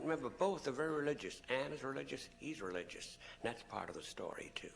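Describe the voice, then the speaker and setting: A man's voice: medium pitch, lively intonation, fast, vocal fry, few pauses. A man giving a public lecture to an audience, telling stories animatedly and acting out the people he quotes. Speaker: public speaker.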